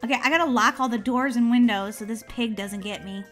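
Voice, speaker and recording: A woman hosting a gaming channel, giving excitable let's-play commentary, giggling and shrieking when chased. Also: a little high, a little fast, faint music behind.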